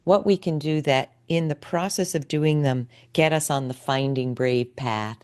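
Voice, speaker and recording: A middle-aged woman hosts a podcast, chatting casually with her guest in an interview and responding with warm, effusive emotion. Her deep voice is unhurried and clean in tone.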